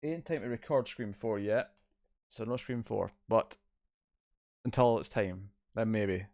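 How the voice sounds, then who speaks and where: A man's voice: on the low side, unhurried, a little mellow, dry recording. A man hosting a casual livestream from his couch at home, rambling and reading out chat messages. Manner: laid-back, rambling, reads chat aloud. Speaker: streamer host. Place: home living room couch. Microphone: distant mic, moves out of frame.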